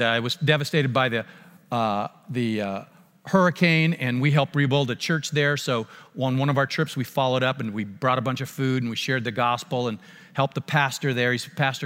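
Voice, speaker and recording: A man preaching a sermon, telling a mission story with animated, acted-out dialogue and frequent restarts. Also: medium pitch, big-room sound. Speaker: pastor.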